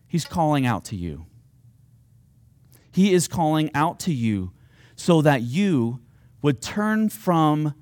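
A man's voice: on the high side, a little mellow, no room sound. A man preaching a sermon, earnest and at times rising to fervent, pleading appeals. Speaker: pastor.

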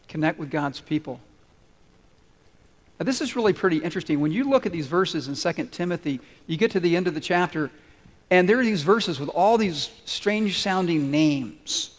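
Earnest high-voiced preaching man. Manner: earnest, conversational preaching with audience questions. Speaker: pastor. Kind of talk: sermon. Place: large church. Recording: long hall reverb.

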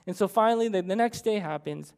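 Preacher telling a sermon story, dramatic and animated. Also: medium pitch, quick pace.

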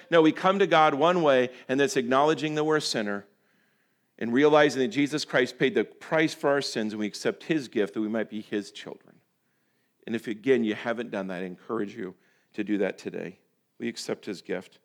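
A male pastor giving a sermon, folksy and direct, swinging between loud emphatic bursts and quiet, slow, drawn-out phrases. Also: mid-range voice. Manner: folksy, addresses listeners as folks.

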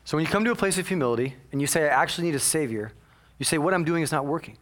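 High bright-voiced guy preaching a sermon, super animated, does little voices for people. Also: racing. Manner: animated, swings between quiet asides and loud exclamations; acts out voices of his congregation. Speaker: senior pastor. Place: church sanctuary.

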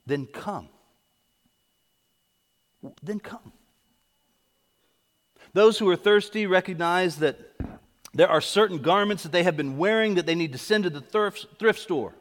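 A man's voice: high-pitched, moderate pace. A man preaching a sermon as pastor, driving his points home with repeated questions and calls to come forward. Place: church sanctuary. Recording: echoey hall.

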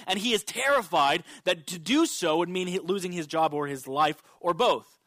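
Male pastor, sermon delivery, emphatic, high-pitched, dry close mic. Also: animated, moderate pace, a bit bright, no echo. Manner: preaching with emphatic rises and drops.

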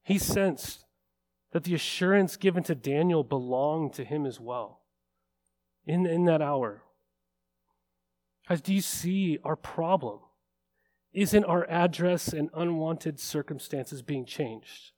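A man's voice: on the high side, takes it slowly, pauses often, darkish tone. Earnest male pastor preaching a sermon. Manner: earnest, rising to fervent emphasis.

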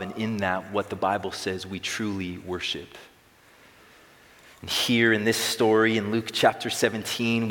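Emphatic low-voiced preacher in a hall. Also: male voice, a bit bright. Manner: emphatic, building intensity on key phrases. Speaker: pastor. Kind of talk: sermon. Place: large room with long reverb. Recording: echoey hall reverb.

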